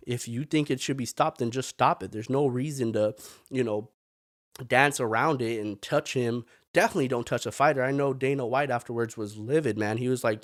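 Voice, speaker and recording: A man's voice: medium pitch, normal speed, dry recording. A man in a mid-range voice hosting a sports podcast, talking loosely and opinionatedly as he riffs on the latest fights. He rambles a little and keeps tossing in "man". The sound is close and dry, with no room around it. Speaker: podcast host. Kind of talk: casual sports commentary.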